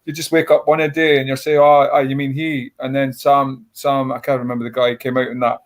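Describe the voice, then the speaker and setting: A man's voice: medium pitch, flat delivery, fairly quick. A Scottish man in his forties, a comedian telling a rambling, blunt, self-mocking story on a panel show. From Scotland. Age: 40s. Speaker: stand-up comedian.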